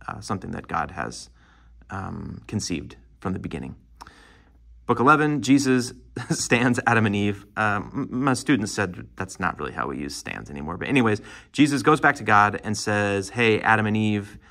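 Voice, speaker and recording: A man's voice: on the low side, creaky, bright, forceful tone. A man teaching a lecture on poetry, talking loosely with many fillers and restarts.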